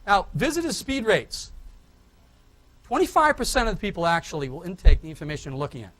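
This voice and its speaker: Fast-talking Boston man on stage. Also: high-pitched, big pitch swings, fairly bright tone. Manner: fast, joking, commanding the crowd. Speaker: conference speaker. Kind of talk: energetic presentation to an audience. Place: conference hall.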